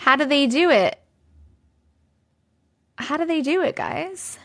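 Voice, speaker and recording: A woman with a high, fairly bright voice talks slowly while livestreaming from her basement on a regular microphone. Her chat is casual and full of laughter, and she thanks viewers while reading their comments aloud.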